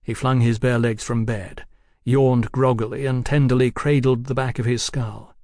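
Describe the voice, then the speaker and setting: A man's voice: medium pitch, no echo. Man narrating a novel, dry close sound. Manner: measured, even storytelling. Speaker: audiobook narrator. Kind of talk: scripted narration.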